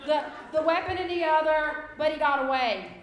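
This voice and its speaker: A woman's voice: high-pitched, moderate pace, voice pushed up, natural voice. A woman voicing her teenage son, earnest and sheepish, in a hesitant way. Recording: echoey room.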